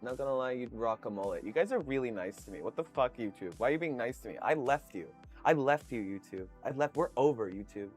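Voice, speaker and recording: A man's voice: medium pitch, lively intonation, quick pace, a little mellow, soft background music. A man streaming live, chatting casually and reading out viewer comments, swearing freely and laughing often.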